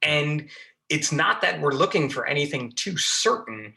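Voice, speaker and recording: Bright-voiced chatty man. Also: a little high, expressive, measured pace, creaky. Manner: chatty, many fillers and restarts. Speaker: guest, fire lieutenant. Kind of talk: casual podcast interview.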